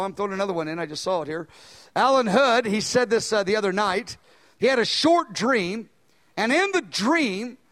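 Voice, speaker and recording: An older man preaching a sermon as pastor, animated, swinging between loud emphasis and quiet asides. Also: very high voice.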